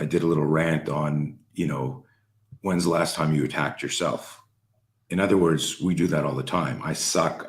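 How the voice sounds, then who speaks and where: A middle-aged man hosting a casual interview, rambling with restarts and swearing freely. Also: very deep voice. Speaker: host.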